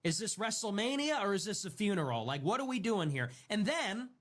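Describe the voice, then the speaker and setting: A man talks in a high, lively voice that leaps up and down as he rants. His tone is sarcastic and sneering throughout, and he is deliberately provocative. It plays like a livestream rant. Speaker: streamer in a played clip.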